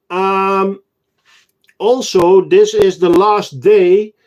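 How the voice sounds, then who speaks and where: A man hosting a casual livestream, chatting with viewers and answering their comments, unhurried and full of fillers and self-corrections. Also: sits high, darkish tone, highs cut off. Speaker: ant-keeping channel host and shop owner.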